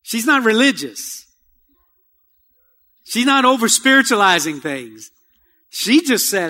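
A man preaching a sermon as pastor, calling out "Amen?" to the congregation and leading a slow, soft prayer. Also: very high-pitched, sing-song. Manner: call-and-response preaching, repeated "Amen?". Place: church sanctuary.

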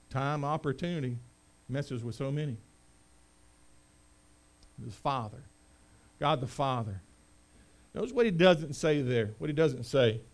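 A middle-aged man preaching a sermon as pastor, rising to loud proclamation and dropping to quiet conversational asides. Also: fairly high pitch.

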